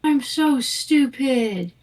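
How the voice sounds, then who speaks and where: A woman's voice: sits high, expressive, extremely slow, darkish tone, low-quality recording. A woman player in a casual tabletop game who talks playfully about her character's actions.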